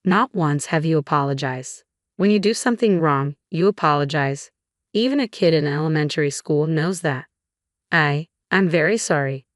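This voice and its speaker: A man's voice: a little high, normal speed, dry recording, clean studio sound, lightly acted. A woman reading the part of a stern elderly company chairman who scolds firmly. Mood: reproachful. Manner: firm, reproachful.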